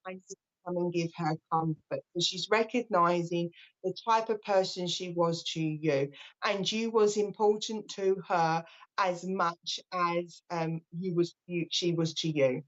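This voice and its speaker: A British woman working as a medium, giving a live reading in a gentle, reassuring way that often restarts mid-sentence. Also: on the low side, steady tone, unhurried. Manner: gentle and reassuring, relays messages with frequent restarts. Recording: slightly dull lo-fi sound.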